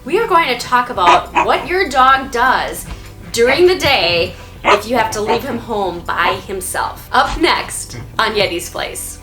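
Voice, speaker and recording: A woman's voice: on the high side, animated, measured pace, bright, forceful tone. A woman hosting a casual vlog from home, chatting upbeat about her dog. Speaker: vlog host and dog owner. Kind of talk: casual vlog narration to camera. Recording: echoey room, faint music.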